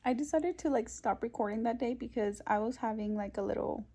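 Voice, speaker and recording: A woman's voice: on the high side, brisk, mellow, slightly rough. A young woman, a stay-at-home mom, talking casually to her phone camera at home, tired and venting, mixing English with Spanish. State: exhausted. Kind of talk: casual vlog chat.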